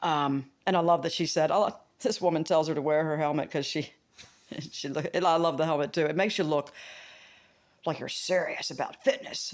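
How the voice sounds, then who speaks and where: Woman, casual vlogger; loose, rambling, profane, quick to laugh, with wide pitch jumps. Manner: rambling, swearing, laughing, big pitch swings.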